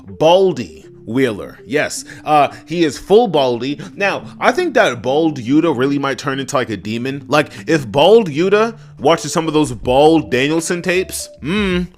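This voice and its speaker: A man casually reviewing a wrestling show on his own, swearing freely, talking to his chat and breaking into loud yelled asides. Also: on the high side, a little slow, hardly any pauses. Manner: animated, profane, addresses chat, bursts into loud yelled asides. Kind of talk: casual solo review rant.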